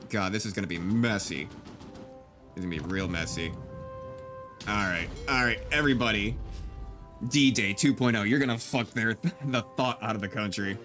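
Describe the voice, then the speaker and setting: A man's voice: fairly low pitch, moderate pace, long pauses. A man giving casual, joking gameplay commentary with mock-grandiose outbursts and frequent laughter. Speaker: gaming YouTuber. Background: game music.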